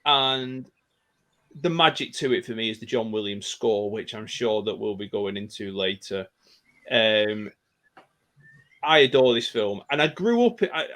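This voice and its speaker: A man's voice: medium pitch, fairly bright tone. A man in his thirties, talking enthusiastically and nostalgically in a casual podcast discussion. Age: 30s. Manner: enthusiastic, nostalgic, with many restarts. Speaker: podcast guest.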